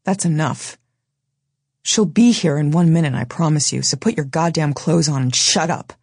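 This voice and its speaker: A woman's voice: deep voice, normal speed, vocal fry, a little mellow, husky, no echo, clean studio sound, full character voice. A woman voicing a tough, defiant young woman who speaks in a hard, intent, commanding way. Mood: impatient.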